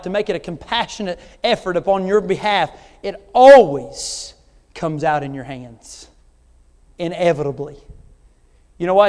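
A man with a strikingly high voice preaches a sermon in a church sanctuary, driving each point home with rhetorical questions. His words ring out with a long hall reverb. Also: a little mellow. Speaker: visiting missionary preacher.

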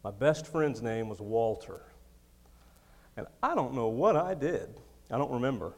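A man in his thirties preaching a sermon in a storytelling way, laughing often and swinging between quiet, close moments and loud ones. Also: mid-range voice, lively intonation, a little slow. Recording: long hall reverb.

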